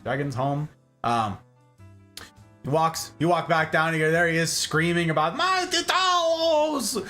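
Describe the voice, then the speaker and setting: Dude explaining stuff in a goofy animated way, voice swinging high and low, soft guitar in the back. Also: male voice. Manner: animated, jokey, acts out voices, says "okay?" often. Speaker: host. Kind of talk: casual explanatory chat.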